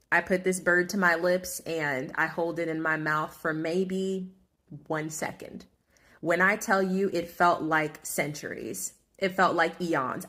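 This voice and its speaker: A woman's voice: on the low side, sharp tone. A woman food vlogger telling a dramatic, exaggerated comic story in a restaurant review rant.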